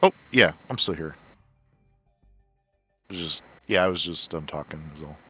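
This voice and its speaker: A man's voice: low voice, lively intonation, normal speed, fairly bright tone, breathy edge, no room sound, soft background music. A man who made the week's puzzle, talking about it in a rambling casual way, often repeating words. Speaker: puzzle designer on a community stream. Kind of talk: casual chat.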